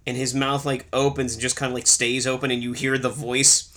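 Bright-voiced man ranting about a movie. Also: mid-range voice, flat delivery, fairly quick. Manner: ranting, sarcastic, swears often. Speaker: podcast co-host. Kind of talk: casual movie review chat.

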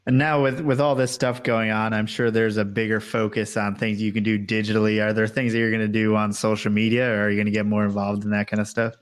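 A male interviewer asking relaxed questions in a casual interview. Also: on the low side, fast, few pauses, clean tone.

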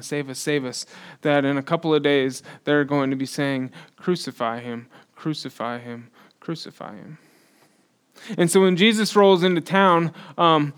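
A male pastor delivering a sermon in a relaxed, talky way with a slightly high voice. He rises to loud, emphatic peaks.

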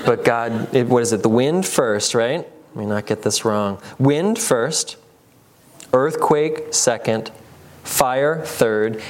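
A man preaching a sermon, reading scripture aloud and lively voicing the people in the passages. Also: mid-range voice, moderate pace. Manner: animated, voices the characters in the passages he reads. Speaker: pastor.

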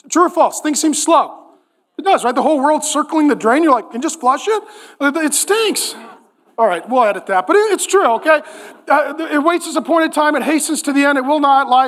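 A man in his forties preaching a sermon in church, joking and acting out little voices. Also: extremely high pitch. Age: 40s. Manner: animated, joking, acts out voices in quotes. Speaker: pastor.

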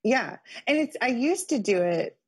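A woman's voice: fairly high pitch, sing-song, unhurried, husky. A woman in her thirties in a casual chat, talking freely and filling her sentences with "like". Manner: chatty, lots of "like" fillers.

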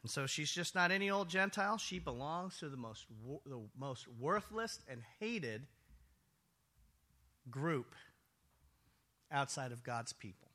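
A man preaching a sermon, telling the story with animated storytelling and acting out voices. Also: on the high side, a little slow, pauses often. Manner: animated storytelling, acts out voices, laughs often. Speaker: pastor.

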